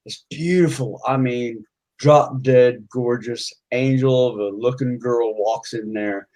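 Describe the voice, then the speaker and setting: A man's voice: medium pitch, slow, a little mellow, rough recording. Casual man rambling through jokes. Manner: casual, rambling, frequent restarts. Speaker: livestream host, joke teller. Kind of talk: telling crude jokes on a livestream.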